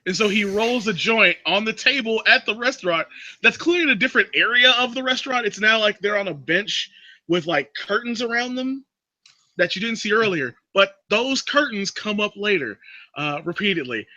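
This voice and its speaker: A man hosting a casual chat, recapping a film plot as an animated storyteller. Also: moderate pace, no room sound, muffled recording. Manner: animated storyteller, drops into a creepy low voice for quotes. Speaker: podcast host recapping a movie.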